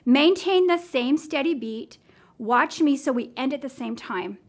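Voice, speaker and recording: High-voiced American woman teaching music. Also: animated, measured pace. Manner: clear, encouraging, demonstrates singing. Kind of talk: instructional demonstration.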